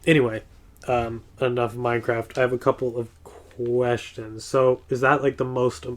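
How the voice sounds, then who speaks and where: A man's voice: medium pitch, normal speed. A young man co-hosting a casual podcast, giving short replies and asking follow-up questions. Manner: flat, short responses and questions. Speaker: podcast co-host. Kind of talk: casual chat.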